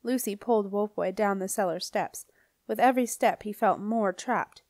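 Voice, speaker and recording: A woman narrates a children's fantasy audiobook in a steady, clear voice at a middle pitch. The recording is dry and close to the mic. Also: moderate pace, no room sound. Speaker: audiobook reader. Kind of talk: scripted narration.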